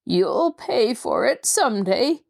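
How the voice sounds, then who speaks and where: A woman's voice: medium pitch, expressive, slow pace, gravelly, darkish tone. A woman voicing a frail old man held captive, with a quavering voice. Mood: angry.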